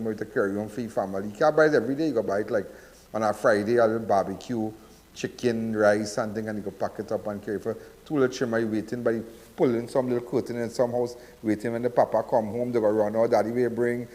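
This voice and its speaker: A Trinidadian man hosts a live call-in show, rambling and repeating himself as he preaches to listeners. His voice sits at an ordinary male pitch. A long hall reverb trails behind every phrase. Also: a little mellow. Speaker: call-in crime show host. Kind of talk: live call-in radio talk.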